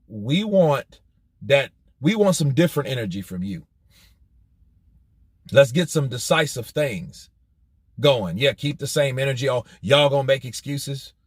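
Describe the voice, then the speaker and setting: A man hosting a boxing news channel, talking in an animated, profane way and firing off rhetorical questions. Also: medium pitch, dry recording, clean studio sound. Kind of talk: commentary vlog.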